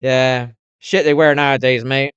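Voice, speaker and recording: A man's voice: mid-range voice, fairly even intonation, unhurried, fairly bright tone, clear, resonant tone, no echo, dull audio. A middle-aged man chatting to his viewers on a live stream, swearing constantly and rambling on in a candid way. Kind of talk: casual rambling chat to viewers.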